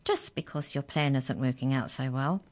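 A woman's voice: a bass voice, normal speed, a little mellow. A woman reading a children's story, voicing a sly, cheerful mouse who is secretly the Tooth Fairy and teases the others knowingly. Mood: teasing. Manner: cheerful, teasing, knowingly smug.

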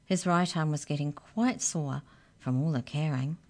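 A woman narrating a children's story aloud in an expressive, gently dramatic way. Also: low-pitched, measured pace.

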